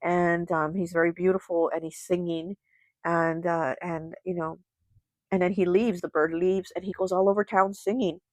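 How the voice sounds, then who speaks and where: Chatty woman with a lowish voice. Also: flat delivery, moderate pace, dry recording, low-quality recording. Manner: chatty, heavy with fillers like "you know" and "like". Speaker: tarot reader and channel host. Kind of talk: casual storytelling.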